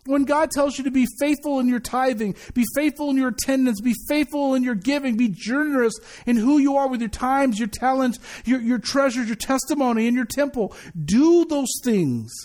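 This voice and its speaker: A male pastor preaching a sermon in a lively, conversational way, often repeating words as he restarts. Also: very high voice, normal speed, few pauses.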